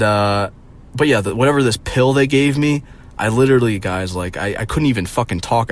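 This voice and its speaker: A man's voice: fairly low pitch, a little hiss or hum. Rambling, swearing young man. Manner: rambling, swearing, many fillers. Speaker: vlogger. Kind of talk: casual rant to camera.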